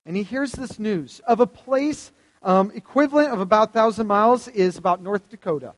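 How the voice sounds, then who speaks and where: A man's voice: high voice, moderate pace, big-room sound. A man preaching a sermon to a live audience, conversational and asking them questions. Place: hall with stage lights.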